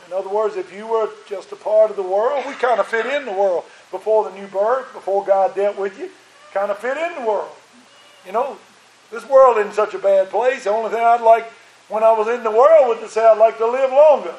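High-voiced preacher in an echoey church. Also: male voice. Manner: preaching with rising emphasis and repeated phrases. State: strained voice. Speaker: pastor. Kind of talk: sermon. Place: church sanctuary.

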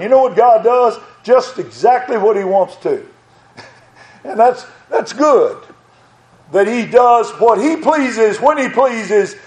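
A man's voice: sits high, a little mellow. A man preaching a sermon from the pulpit of a small church, earnestly quoting scripture in old-style wording. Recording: echoey church room.

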